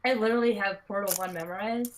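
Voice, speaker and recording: A woman's voice: mid-range voice, fast, a little hiss or hum, poor audio. A woman friend on a live stream making laid-back small talk about the games she plays. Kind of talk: casual chat.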